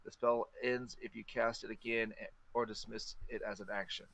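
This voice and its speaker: A man's voice: lowish voice, level tone, moderate pace, vocal fry, a bit bright. A man playing a tabletop game, reading out his spell and stumbling over his words. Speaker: player. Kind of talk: casual tabletop play.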